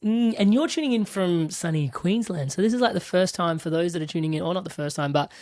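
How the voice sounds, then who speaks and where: A woman's voice: lowish voice, animated, fast, darkish tone. An Australian woman hosting a podcast interview, enthusiastic and loose with fillers, on a remote call. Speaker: podcast host. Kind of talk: casual interview.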